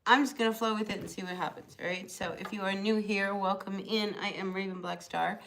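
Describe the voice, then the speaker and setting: A woman's voice: medium pitch, steady tone, a little fast, creaky, a bit bright, slight background noise. A woman with a New Jersey accent, chatting loosely through a live tarot reading with lots of fillers. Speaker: tarot reader.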